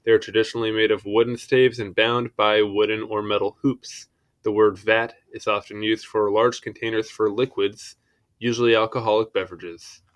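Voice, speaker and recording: Young man, lowish voice, informal read-aloud, self-deprecating asides, fumbles pronunciations. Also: flat delivery, normal speed. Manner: stumbles over foreign words, apologetic asides. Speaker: reader of encyclopedia articles. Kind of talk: casual reading aloud with asides.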